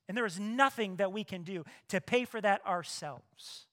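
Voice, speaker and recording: A male pastor preaching a sermon, lively, swinging between hushed asides and loud emphatic bursts. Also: high voice, normal speed, few pauses.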